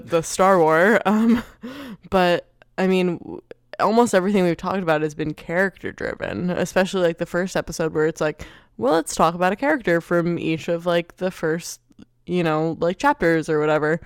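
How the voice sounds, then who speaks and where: A man's voice: a little high, clean tone, no room sound, studio quality. A man co-hosting a podcast, talking casually with fillers and restarts. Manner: relaxed, filler-heavy, self-correcting. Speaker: podcast co-host. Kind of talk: casual chat.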